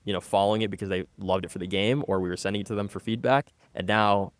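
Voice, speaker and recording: A man's voice: lowish voice, quick pace, no echo. A man co-hosting a podcast in casual, hyped-up chat. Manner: hype, lively storytelling. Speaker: podcast co-host.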